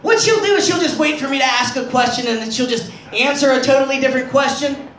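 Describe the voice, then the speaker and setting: A man's voice: very high-pitched, quick pace, fairly bright tone, a little hiss or hum. A man doing crude, self-deprecating stand-up comedy on a club stage. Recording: roomy club sound from far off.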